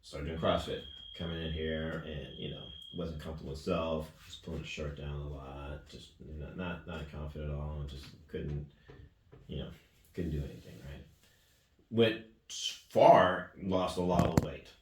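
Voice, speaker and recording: A youth weightlifting coach with a rumbling low, slightly mellow voice tells a long story at a moderate pace in casual interview talk. He rambles earnestly, tagging phrases with "right?" and "man", recorded from a distance in an echoey gym with faint noise.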